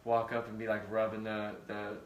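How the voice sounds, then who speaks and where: A man's voice: lowish voice, completely flat delivery, moderate pace, roomy sound, dull audio, slight background noise. A middle-aged man co-hosting a show, bantering with his wife in a joking, boastful way. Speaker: podcast co-host. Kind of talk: casual chat with spouse.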